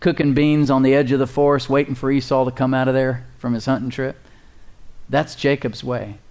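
A man's voice: mid-range voice, level tone, fairly quick, a little mellow. A man preaching a sermon. He reads scripture aloud and breaks off into plain-spoken, folksy asides to his listeners. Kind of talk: sermon reading and explaining scripture.

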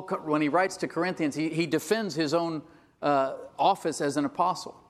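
A man preaching a sermon, building to emphatic bursts and calling out to his congregation for agreement. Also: fairly high pitch. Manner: emphatic preaching with rising bursts and call-and-response asides. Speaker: pastor.

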